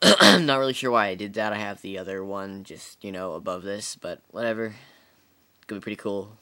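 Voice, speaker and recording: A man's voice: lowish voice, normal speed, sharp tone. A young man rambling and swearing while goofing around, testing out voices. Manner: rambling, profane, goofy. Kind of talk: goofy voice testing.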